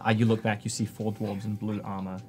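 A man's voice: on the low side, level tone, a little fast, warm tone. Easygoing male game master. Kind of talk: narrating a tabletop game.

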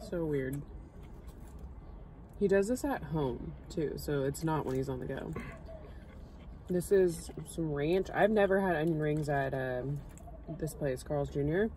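A woman's voice: low voice, measured pace, pauses often, dark tone, poor audio. A woman talking casually about her food, humming with pleasure between bites and dropping 'like' often. She sits in a parked car with a faint hum of traffic outside. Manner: easygoing, hums and says 'like' a lot. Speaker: co-host of a food channel. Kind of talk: casual mukbang chat while eating.

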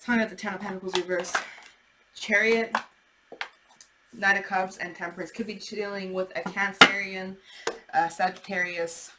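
A woman giving a casual, chatty tarot reading, animated and swearing as she acts out imagined replies. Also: mid-range voice, moderate pace, long pauses, heavy background noise. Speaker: tarot reader.

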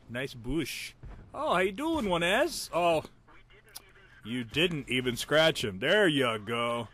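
An excitable man calls a friend's tank battle live, cheering hits and groaning at misses. His pitch leaps all over the place, and his tone is bright and forceful. He keeps teasing the player with playful asides. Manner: excitable, joking, reacting loudly to hits and misses. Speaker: gameplay commentator.

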